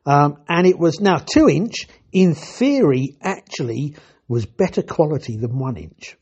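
Older man, husky, chatty anecdotes, dry humour. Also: on the high side, animated, unhurried, darkish tone, lo-fi sound. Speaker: retired TV technician. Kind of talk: anecdotal storytelling.

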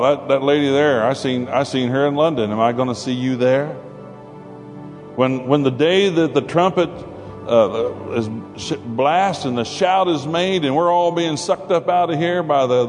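Animated man preaching in a reverberant hall. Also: mid-range voice. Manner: animated, conversational preaching with playful asides. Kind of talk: sermon. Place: church hall before a congregation. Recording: long hall reverb with faint music.

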